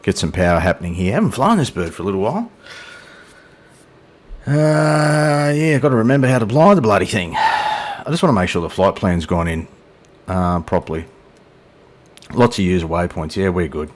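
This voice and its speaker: Hosting a flight sim session, a middle-aged man offers chatty, self-deprecating commentary and jokes with his silent co-pilot. His voice sits low and is expressive, at normal speed with frequent pauses.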